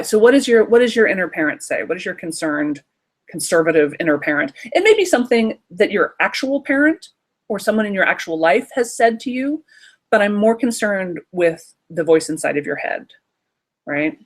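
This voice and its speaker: A woman runs a live creativity workshop in an animated, conversational tone. She speaks straight to her listeners and keeps checking in with them as she goes. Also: mid-range voice, normal speed. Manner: lively, animated, talks directly to listeners. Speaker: workshop teacher, creativity coach. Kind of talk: live online workshop talk.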